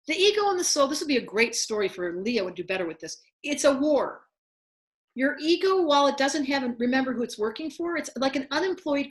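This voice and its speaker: A woman astrologer giving a lively spiritual talk to a group and acting out inner voices as she goes. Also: sits high. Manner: animated, acts out inner voices. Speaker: astrologer teaching a workshop.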